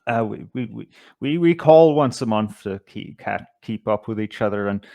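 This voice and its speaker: A man's voice: lowish voice, lively intonation, moderate pace, vocal fry, warm tone, no echo. An Irish man chats casually on a comedy podcast, stumbling through restarts and fillers. His voice is recorded close and dry, with no room around it. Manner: hesitant, stammering, dry. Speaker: co-host.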